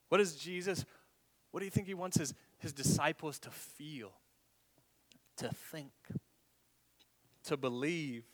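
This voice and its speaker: A male pastor preaches a sermon in a slightly high voice with fairly even intonation, keeping a measured pace and pausing often. He stumbles into repeated words while searching for the right ones, and at times drops dramatically to a whisper.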